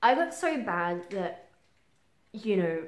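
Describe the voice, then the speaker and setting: A woman in her twenties with an Australian accent, talking frankly in a personal vlog, halting with many ums and casual swearing. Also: mid-range voice, sing-song. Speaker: vlogger. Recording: roomy echo.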